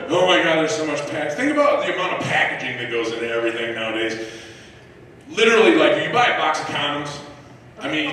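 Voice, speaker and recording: A man performing a profane, animated stand-up set on a live comedy club stage, acting out voices and shouting punchlines. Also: medium pitch, a little hiss or hum. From United States. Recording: echoey club room recorded from a distance. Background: audience laughter.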